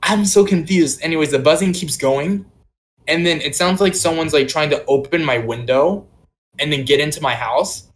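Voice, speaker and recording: Speaking at a normal speed in a slightly high voice, this young podcast co-host casually tells a long, meandering story about himself. He leans heavily on "like" and "um" throughout.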